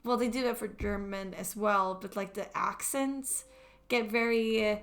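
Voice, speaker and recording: At a measured pace, a young Swedish woman with a Swedish accent and a fairly bright, medium-pitched voice chats casually as she draws on a stream. She rambles with fillers and restarts, and faint music sits behind her.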